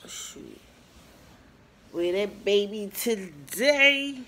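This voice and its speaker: A woman in her twenties talking casually to her viewers, telling her story with lively bursts and lots of fillers and pauses. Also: medium pitch. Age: 20s. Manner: chatty, animated storytelling, addresses viewers as y'all; frequent fillers and trailing pauses. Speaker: vlogger. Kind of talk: casual talk to camera.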